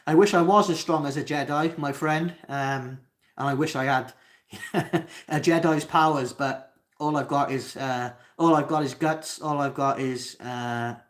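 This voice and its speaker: A man's voice: a little high, steady tone, measured pace, a bit bright. A young man with a Cardiff accent, from Wales, hosting a live Q&A and reading out chat comments, talking hesitantly with lots of ums and restarts. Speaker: livestream host.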